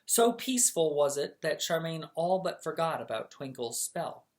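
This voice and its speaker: Bedtime storyteller reading a novel aloud, measured, expressive. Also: mid-range voice.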